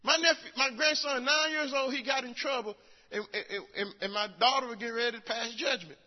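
An older man preaching a sermon, telling folksy stories with acted-out quotes and rising to shouts. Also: extremely high pitch, steady tone, fairly quick, long reverb tail, lo-fi sound.

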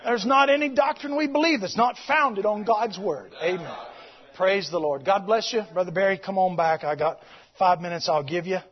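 Shouting high-voiced male preacher. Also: fairly quick, hardly any pauses, dull audio. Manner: impassioned, shouting, drops to storytelling. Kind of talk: shouted revival sermon.

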